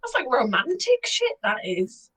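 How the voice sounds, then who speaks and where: A woman with a high, lively voice chats on a panel. She talks slowly and draws out her words as she reacts. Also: breathy edge, low-quality recording. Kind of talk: casual chat.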